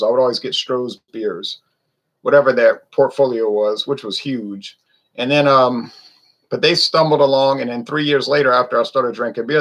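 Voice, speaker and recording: A man's voice: medium pitch, fairly bright tone, poor audio. A man, chatting loosely and rambling through a casual beer review. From Louisiana. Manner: rambling, chatty, wanders off topic.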